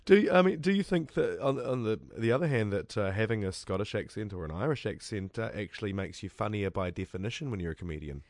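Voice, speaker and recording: A man hosting a radio interview in a brisk way, often tripping over how he starts. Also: fairly low pitch, expressive, darkish tone, dry recording, clean studio sound. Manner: brisk, stumbling over openings. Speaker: radio host.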